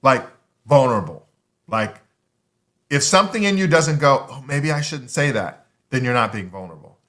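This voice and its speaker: A man giving a motivational talk, emphatic and conversational, with punchy repeated lines and drawn-out pauses. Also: mid-range voice, animated, a bit bright. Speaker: motivational speaker.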